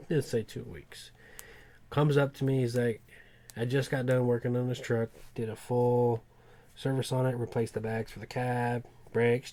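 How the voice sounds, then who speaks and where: Rambling, cursing truck mechanic. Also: male voice, medium pitch, a little mellow, a little hiss or hum. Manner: swearing, rambling storyteller. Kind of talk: casual podcast chat.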